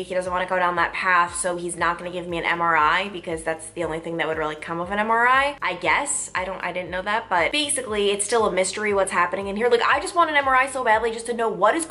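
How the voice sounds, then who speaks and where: This vlogger is a twenty-something woman from Long Island, New York, talking casually to the camera. She's chatty, frustrated and dramatic, peppering her speech with "like," and her mid-range voice sounds pushed and bright.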